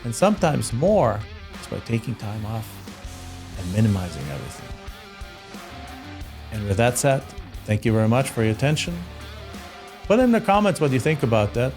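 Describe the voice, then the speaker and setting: Middle-aged german guy talking to camera, earnest and a bit halting, restarts a lot, ordinary mid pitch. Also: big pitch swings, a little mellow, faint music behind. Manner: heartfelt, halting, many restarts. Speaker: host. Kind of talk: reflective solo monologue.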